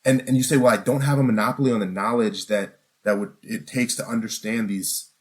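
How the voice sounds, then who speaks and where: A man's voice: lowish voice, steady tone, fairly quick. A man preaching a sermon in an earnest, conversational way, asking the listeners questions and often restarting his sentences. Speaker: pastor.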